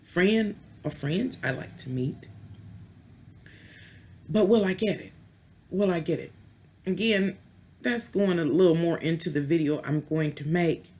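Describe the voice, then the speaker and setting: Woman tarot vlogger with a somewhat low voice, loose rambling talk, playful and sultry. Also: measured pace, long pauses, darkish tone. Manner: chatty, rambling, with restarts and playful beeping sounds. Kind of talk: casual rambling rant.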